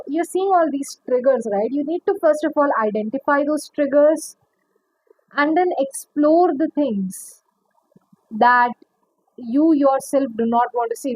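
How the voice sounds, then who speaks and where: A woman's voice: high-pitched, a little mellow, no room sound, rough recording. A woman giving a pick-a-card tarot reading, chatty and rambling, calling the viewer honey. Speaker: tarot reader.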